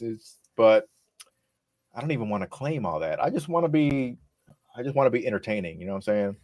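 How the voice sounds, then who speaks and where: A man with a fairly low, laid-back voice chats casually as a podcast guest. He is unhurried and easygoing, dropping the odd swear word. The sound is dry and close, with no room around it. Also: lively intonation, a little mellow, dry recording. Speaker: rapper guest.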